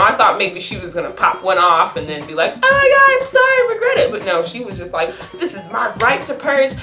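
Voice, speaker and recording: Bubbly woman gushing in an echoey room. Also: on the high side. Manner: excitable, chatty, laughs often. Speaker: movie reviewer. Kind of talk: casual spoiler review chat. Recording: echoey room with faint music.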